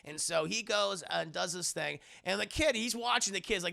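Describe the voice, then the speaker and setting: Animated, gravelly streamer man. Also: sits high, normal speed, hardly any pauses. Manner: animated, profane, addresses chat. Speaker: streamer, show reviewer. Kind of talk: live-stream commentary.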